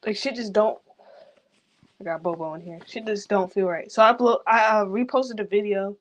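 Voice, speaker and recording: A woman's voice: medium pitch, fairly even intonation, normal speed, highs cut off. Woman, grieving, rambling vlog talk, loose, profane, unfiltered. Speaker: vlogger.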